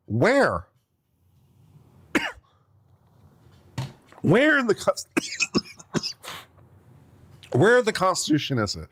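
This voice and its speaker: A man's voice: sits high, wildly swooping pitch, drawn-out words, long pauses, a bit bright, slightly rough. Exasperated lawyer guy tearing into a brief, sarcastic and sweary, voice jumps all over the place. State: coughing now and then. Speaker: attorney commentator. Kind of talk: reading and reacting to a legal brief.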